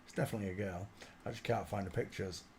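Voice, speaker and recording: A man hosting a casual livestream, commenting while he searches through images, often muttering quietly to himself and breaking into loud laughing outbursts. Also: on the low side, steady tone, fast talker, noisy background. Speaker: livestream host.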